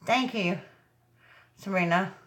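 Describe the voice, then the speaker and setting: A woman's voice: mid-range voice, slow pace, fairly bright tone. A woman hosting a live craft tutorial, chatting straight to her viewers as she works. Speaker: craft show host. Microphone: laptop mic.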